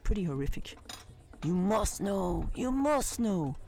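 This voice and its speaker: A woman doing a gruff older man. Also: sits high, sing-song, darkish tone, voice pushed up, heavily acted. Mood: insistent. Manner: halting broken English, insistent repeating. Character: gruff older Majorcan man, grumpy art snob.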